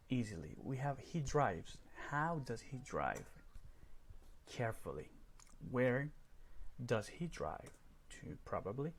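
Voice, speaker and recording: A man's voice: mid-range voice, a little mellow, slight background noise. A man teaching a recorded grammar lesson over slides, explaining step by step and often checking in with "right?".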